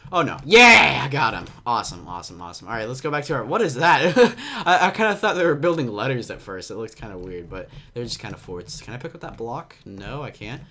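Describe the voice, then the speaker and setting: A young man giving excitable, jumpy commentary on a game, with a slight cough and frequent yelps and laughs. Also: medium pitch, a little fast, hardly any pauses, slight background noise. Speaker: gaming commentator. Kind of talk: casual Minecraft gameplay commentary.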